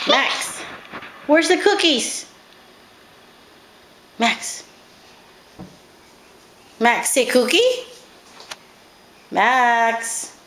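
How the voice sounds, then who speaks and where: Sing-song high-pitched mother in kitchen. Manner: sing-song, slow coaxing, gently scolding. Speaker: mother talking to her toddler. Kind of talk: home video baby talk. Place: home kitchen. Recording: echoey kitchen, noisy home camcorder.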